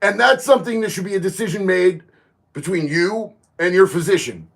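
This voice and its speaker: A man, chatting casually on a livestream, reading viewer comments and getting loud and emphatic on his opinions. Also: high-pitched, brisk. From Florida. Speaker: livestream host.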